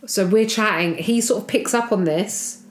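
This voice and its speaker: Woman comedian telling a story, lively, acts out voices, kinda echoey room. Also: medium pitch, normal speed. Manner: animated, acts out quoted voices. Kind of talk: casual storytelling chat. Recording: roomy echo.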